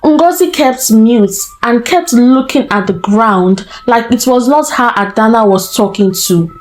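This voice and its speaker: A woman storyteller narrating a folktale in a slow, deliberate way. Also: a little high, poor audio.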